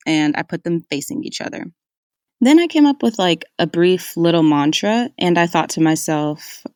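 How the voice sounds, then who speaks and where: A woman's voice: on the low side, a little mellow, no echo, studio quality. A young woman hosting a podcast, telling a personal story in a candid, conversational way and speaking straight to her listeners. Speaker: podcast host.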